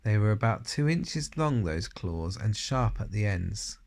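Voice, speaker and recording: A man's voice: on the low side, sing-song, measured pace, creaky, background noise. A man reading a children's novel aloud in the first person, with dramatic emphasis. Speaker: audiobook reader.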